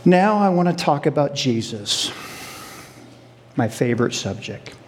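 A middle-aged man preaching a sermon, animated, asking the audience questions and laughing along with them. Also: medium pitch, unhurried.

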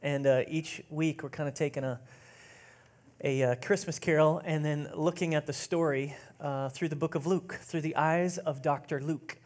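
A man preaching as pastor, chatty and relaxed with many fillers, slowing down to read scripture aloud. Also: a little high. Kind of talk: sermon.

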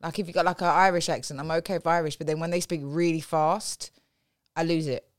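Casting note: relaxed woman co-host, lowish voice, dry close mic. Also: fast, no echo. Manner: relaxed, agreeable, slangy. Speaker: podcast co-host. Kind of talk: casual chat.

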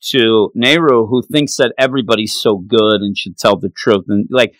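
A man co-hosting a casual chat, recapping a show and acting out characters' lines in quick voices. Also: on the low side, a bit bright, no echo. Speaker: podcast co-host recapping an anime episode.

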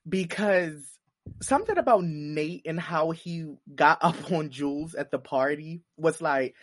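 A woman in casual chat about a TV show, animated and full of fillers, talking from her basement over a remote call. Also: sits low, measured pace, no room sound, clean studio sound. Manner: animated, lots of fillers, acts out her reactions.

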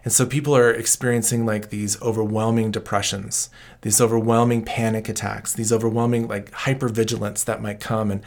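A man answering interview questions as a trauma counselor, in a calm, explanatory and reassuring tone. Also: lowish voice, a little fast.

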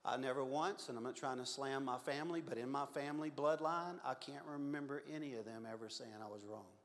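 Earnest preacher in a reverberant church. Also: male voice, mid-range voice, fairly quick. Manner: earnest, confessional, swings from loud to hushed. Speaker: pastor. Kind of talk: sermon storytelling. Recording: long hall reverb.

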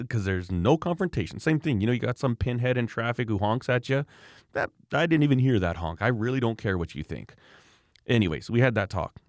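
A middle-aged man telling an animated story in casual chat, acting out other people's voices as he goes. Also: lowish voice, no room sound, studio quality.

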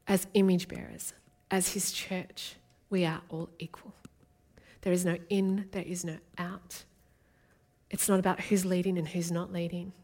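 A woman's voice: lowish voice, little pitch movement, measured pace, a little mellow. A woman, from Australia, preaching an earnest and intimate sermon as a guest speaker.

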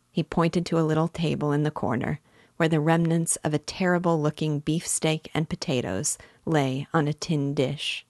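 A woman reading a novel aloud as the host, with measured, clear storytelling. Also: low voice, steady tone, a little mellow, dry recording, studio quality. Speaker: reader.

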